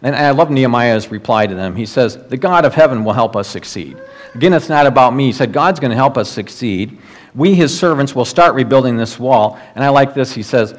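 Earnest preaching man, drops low for quotes. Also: animated, fast talker. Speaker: pastor. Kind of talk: sermon.

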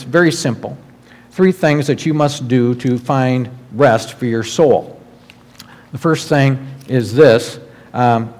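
A man's voice: mid-range voice, a little mellow. A man preaching a sermon as pastor, earnest and conversational, with frequent fillers and restarts. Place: church sanctuary. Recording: long hall reverb.

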